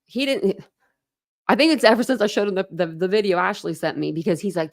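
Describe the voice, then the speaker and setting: A woman's voice: mid-range voice, a little fast, gravelly. A woman from Ohio hosting a casual livestream chat, talking in a chatty, rambling way with many fillers. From Ohio, USA. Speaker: livestream host.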